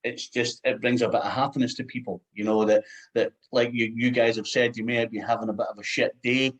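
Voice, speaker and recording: A man's voice: medium pitch, steady tone, a little fast, poor audio. A man with a Scottish accent interviewing guests in a casual chat, rambling with lots of "you know" and restarts.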